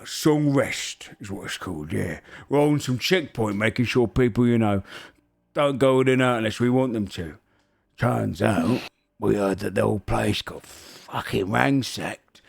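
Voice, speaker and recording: A man voicing a short, clever male ogre prisoner who chats roughly and swears casually. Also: fairly low pitch, a little slow. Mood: chatty.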